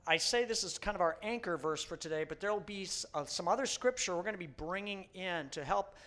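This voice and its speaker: High-voiced bilingual male pastor. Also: expressive, fairly quick, bright, forceful tone. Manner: repeats each point in a second language, storytelling. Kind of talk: bilingual sermon.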